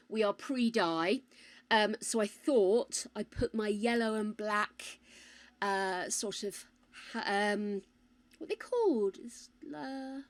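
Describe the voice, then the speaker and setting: A woman hosting a casual live stream, chatting while she plays and calling her viewers pet names. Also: a little high.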